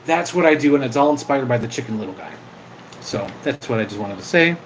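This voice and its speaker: A man's voice: medium pitch, expressive, fast talker, a little hiss or hum, low-quality recording. A man chatting casually on an impromptu livestream, rambling, swearing now and then, and reacting to viewer comments. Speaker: live streamer and video maker.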